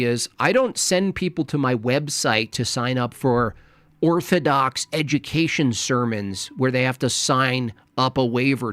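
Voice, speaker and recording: Forties male streamer, taunting and argumentative, mid pitch, dry close sound. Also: a bit bright, no room sound. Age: 40s. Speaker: streamer reacting to clips. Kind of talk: combative live-stream commentary.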